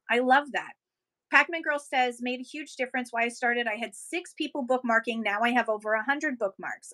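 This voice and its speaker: Bright, high-voiced upbeat woman livestreamer. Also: low-quality recording. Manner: upbeat, encouraging, thanks viewers by name. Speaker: livestream seller coach. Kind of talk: casual livestream chat, reading viewer comments.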